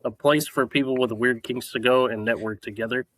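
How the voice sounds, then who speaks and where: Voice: medium pitch, fairly even intonation, brisk, a bit bright, no echo, poor audio. A laid-back podcast co-host chatting casually, also reading a sponsor plug.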